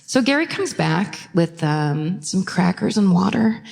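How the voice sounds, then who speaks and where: Onstage at a theater before a live audience, a woman co-hosts a true crime podcast, telling the case casually with swearing and laughing asides. Her voice is on the low side, expressive, a little slow, gravelly, and a little mellow, with reverberant live theater sound.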